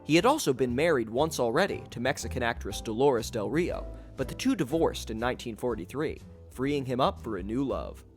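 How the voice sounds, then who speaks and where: Animated man narrating a podcast. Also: mid-range voice, brisk, hardly any pauses, soft background music.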